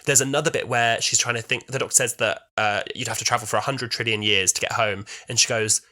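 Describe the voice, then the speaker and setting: A young man in his twenties co-hosts a podcast review with an eager, animated manner. His voice has a bright, crisp edge. His pitch sits in a middling range. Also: quick pace. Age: 20s. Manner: enthusiastic, animated. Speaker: podcast co-host. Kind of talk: casual review chat.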